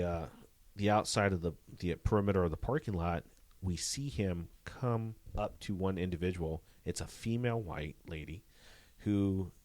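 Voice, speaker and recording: A man, a police detective, telling a story in a casual interview, animated and full of "you know" fillers. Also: deep voice, no room sound.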